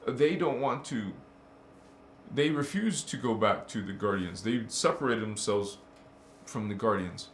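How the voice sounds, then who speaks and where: A man's voice: fairly low pitch, measured pace, slight background noise. A man hosting a spiritual channel, talking casually and playfully, laughing often and calling the listener honey. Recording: roomy echo.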